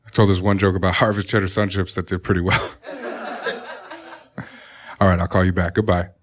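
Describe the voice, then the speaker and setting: A comedian putting on a smooth, deep-voiced, laid-back grown man's voice with an easy crooner-like drawl. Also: little pitch movement, a little fast, lightly acted. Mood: relaxed.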